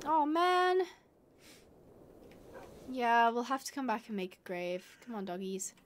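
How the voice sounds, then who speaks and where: A woman's voice: a little high, sing-song, measured pace. A woman streaming a game live, talking to her viewers with big emotional swings from glum muttering to shrieking distress. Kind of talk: live gameplay commentary.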